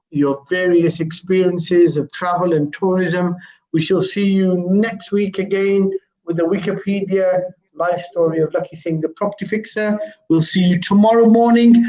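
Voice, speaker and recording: A high-pitched man hosts a live morning stream, rambling along with lots of ums and uhs. The sound is muffled and lo-fi, like a web call. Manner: rambling, with many fillers. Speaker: host. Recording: dull lo-fi live stream audio.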